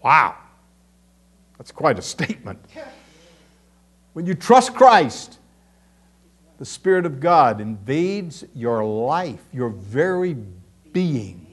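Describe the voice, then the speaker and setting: A man preaching a sermon to a congregation, emphatic and building to loud peaks as he reads scripture and asks the audience questions. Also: fairly high pitch, big pitch swings, slow pace, long pauses, breathy edge. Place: before a live congregation.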